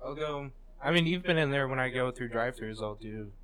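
A young man co-hosting a casual podcast, a relaxed storyteller who laughs at his own anecdotes. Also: mid-range voice, a little fast, rough recording. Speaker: podcast co-host. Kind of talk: casual chat.

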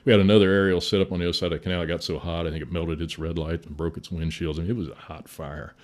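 A man's voice: sits low, little pitch movement, rapid-fire, darkish tone. A man, a fire chief from the Midwest, telling a war story in a folksy way, swearing and chuckling now and then. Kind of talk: casual storytelling.

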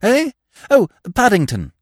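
A man doing a flustered, plaintive young gentleman. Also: very high voice, huge pitch swings, no echo, clean studio sound, pitched above the performer's own voice, heavily acted. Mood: hurried. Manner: breathless, hurried, exclamatory.

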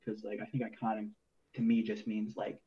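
Chill guy on a podcast, kinda husky, dull lo-fi sound, rambles a lot. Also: on the low side, monotone, a little fast. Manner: rambling, many fillers, laid-back. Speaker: podcast co-host. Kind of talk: casual chat.

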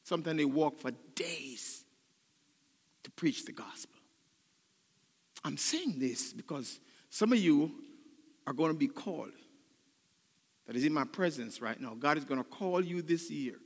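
An older man preaching a sermon as pastor, choked up and emotional, building to loud, fervent passages. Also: fairly high pitch, expressive, a little slow, pauses often, breathy edge, long reverb tail. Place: church sanctuary.

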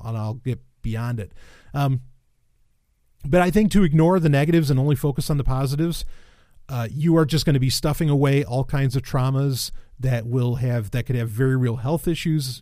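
A man's voice: mid-range voice, a little mellow, no room sound, clean studio sound. A man giving a casual, sardonic commentary monologue, rambling with restarts and swearing, then flaring into exasperated rants. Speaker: commentator reacting to a blog post.

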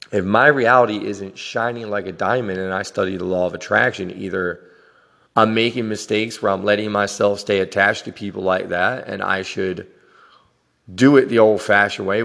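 A man's voice: fairly low pitch, gravelly, a bit bright, big-room sound. A man hosting a podcast, talking in a frank, profane, rambling personal monologue. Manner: frank and profane, with frequent laughs. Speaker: podcast host.

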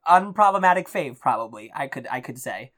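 Man, podcast co-host, casual chat, gossipy, filler words, mid pitch. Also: fairly quick. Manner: gossipy, many likes and ums, animated storytelling.

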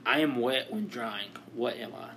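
A man's voice: medium pitch, very animated, normal speed, pushed and bright, slight background noise. A man co-hosting a casual comedy podcast, posing riddles and laughing often. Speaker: podcast co-host.

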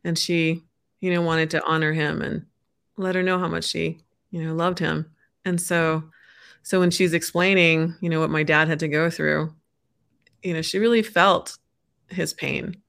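A woman speaking as an interview guest, halting and heartfelt, with many restarts. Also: sits low, fairly even intonation, gravelly, a bit bright. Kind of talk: casual interview chat.

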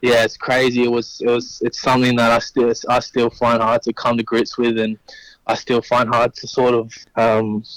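A young man, a rugby league player and guest, speaking humbly and haltingly, with many restarts. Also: medium pitch, monotone, dry recording, rough recording. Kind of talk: conversational interview.

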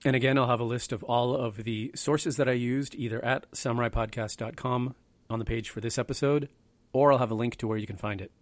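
A man's voice: medium pitch, fairly even intonation, fairly quick, no echo. A man hosting a history podcast, talking in a rambling, offhand way with self-deprecating asides. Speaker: podcast host. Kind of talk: casual history podcast talk.

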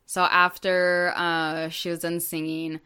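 A woman co-hosting a podcast tells a story at an unhurried, drawn-out pace. Her voice is smooth and clear and sits slightly low, and she fills her sentences with ums and likes as she chats. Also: level tone, sharp tone. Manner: chatty storytelling with many fillers. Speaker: podcast co-host. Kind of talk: casual chat.

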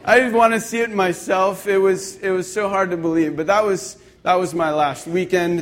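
A man's voice: fairly high pitch, slight background noise. A young man, a pastor, preaching a conversational sermon with self-deprecating stories.

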